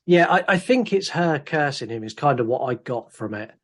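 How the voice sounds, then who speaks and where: A man with a medium-pitched voice and moderate pace co-hosts a podcast, animatedly retelling scenes in casual chat and acting out lines from the film.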